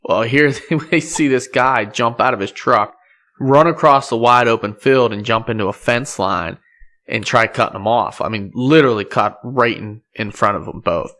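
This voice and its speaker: Easygoing podcast host, mid pitch. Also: male voice, normal speed, fairly bright tone. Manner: easygoing, agreeable, laughs along. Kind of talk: casual chat.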